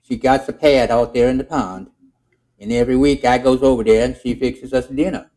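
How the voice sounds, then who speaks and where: A man's voice: mid-range voice, steady tone, brisk, dark tone, pitched above the performer's own voice, lightly acted. A man voicing a bossy male frog who talks with folksy broken grammar. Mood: folksy, boastful.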